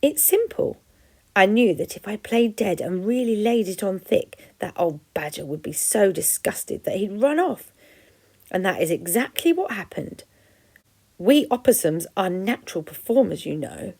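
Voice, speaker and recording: A woman's voice: mid-range voice, lively intonation, normal speed, creaky, darkish tone. A woman reading aloud and voicing a theatrical, chatty female opossum who loves performing. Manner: gushing, dramatic.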